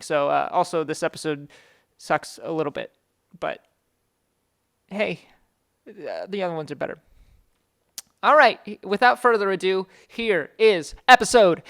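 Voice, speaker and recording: A man hosting a podcast in casual chat, rambling and self-deprecating, his voice slightly hoarse. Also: fairly high pitch, sharp tone. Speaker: podcast host.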